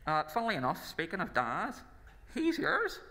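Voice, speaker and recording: A man's voice: on the high side, wildly swooping pitch, normal speed, gravelly, sharp tone, exaggerated voice. A man with a Northern Irish accent playing a playful, rambling rebel leader in a live comedy reading. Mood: teasing. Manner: playful, rambling, mock-conspiratorial. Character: scheming male rebel leader, jokey. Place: stage at a live convention. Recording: echoey hall at a live event.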